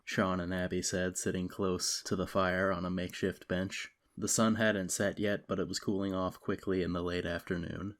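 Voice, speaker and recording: Deep gravelly male narrator. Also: little pitch movement, moderate pace, hardly any pauses, fairly bright tone. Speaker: audiobook reader. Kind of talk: scripted narration.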